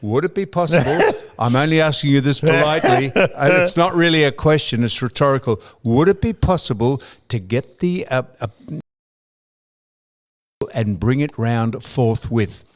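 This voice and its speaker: Animated older Australian man telling a story. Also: mid-range voice, normal speed. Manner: animated anecdote-telling, mimicking others, laughing, swearing. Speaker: podcast co-host. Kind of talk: casual storytelling chat.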